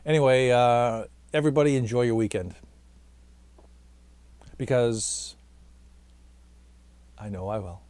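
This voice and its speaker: A man's voice: mid-range voice, lively intonation, normal speed, pauses often, a little mellow, no echo. Tired, chatty man rambling to camera. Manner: chatty, self-mocking, keeps talking past his own sign-off. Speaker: vlogger and stage actor. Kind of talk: rambling casual monologue to camera.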